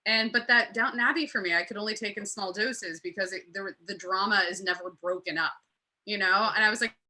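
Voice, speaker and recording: A woman on a panel chatting casually over a video call, acting out scenes in quick quoted voices. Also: mid-range voice, bright, forceful tone, poor audio.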